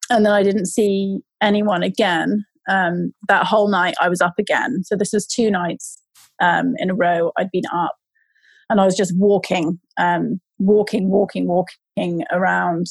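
A woman's voice: on the low side, fairly even intonation, a little slow, creaky, slightly rough, dry recording, rough recording. A woman casually telling a long personal story, with many fillers and restarts. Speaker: guest telling her birth story.

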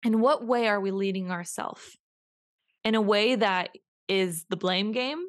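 A woman's voice: medium pitch, measured pace. Earnest young woman podcast host. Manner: earnest, repetitive, emphatic with many restarts. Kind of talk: reflective solo podcast talk.

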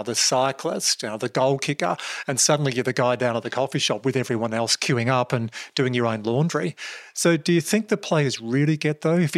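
Man, podcast host, casual, prompting questions, mid pitch, dry close sound. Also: no echo. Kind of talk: interview questions and chat.

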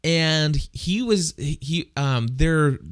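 A man's voice: fairly high pitch, takes it slowly, clear, resonant tone. A man co-hosting a casual Christian discussion podcast, telling stories in a plain-spoken way and often restarting his sentences. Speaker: podcast co-host.

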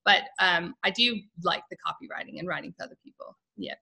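A woman's voice: on the low side, fast talker, gravelly, bright, forceful tone, husky, poor audio. An American woman in her thirties, a guest in a casual interview, chatty and laughing often as she talks. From United States.

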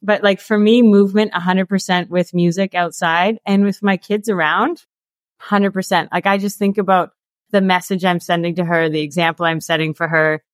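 A woman in her thirties, a guest author and coach, talking casually in an interview with lots of "like" and quick laughs. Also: fairly low pitch, steady tone, no echo, clean studio sound. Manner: chatty, peppered with "like" and laughs.

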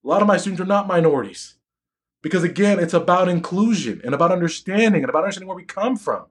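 A man's voice: high voice, expressive, quick pace. Emphatic man giving a preachy live talk. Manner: emphatic, preachy, repeats phrases. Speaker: educator and physician. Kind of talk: live-streamed motivational talk.

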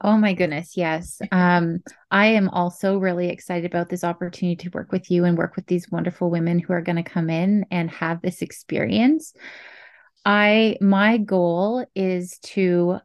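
A woman's voice: lowish voice, fairly even intonation, normal speed, dry recording. Encouraging woman guest, dry close sound. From Canada. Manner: affirming and encouraging. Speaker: interview guest. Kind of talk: warm conversational interview.

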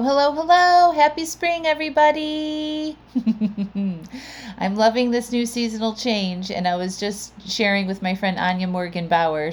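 A woman hosting a podcast and talking in a chatty, upbeat way, with a lot of casual "like"s. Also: medium pitch. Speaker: podcast host and coach.

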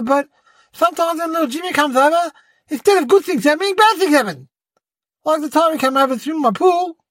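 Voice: sits high, fairly bright tone, no room sound. An adult voicing a cheeky young boy who hosts his own podcast, rambling and fibbing, often calling people "mate". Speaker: podcast host. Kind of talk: comedic character monologue.

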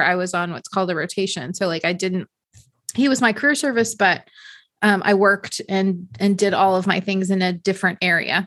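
A woman in her thirties co-hosting a podcast, chatting casually and telling stories with frequent laughter. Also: medium pitch. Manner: laughs often, chatty and storytelling. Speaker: podcast co-host. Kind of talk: casual chat.

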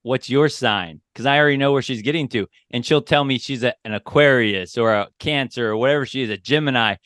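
A man's voice: medium pitch, fast, fairly bright tone, clean tone, no echo. A man with a mid-range voice chats on a podcast, laughing often and restarting his sentences. His delivery is loose and conversational. The sound is close and dry. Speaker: podcast co-host. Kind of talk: casual podcast chat.

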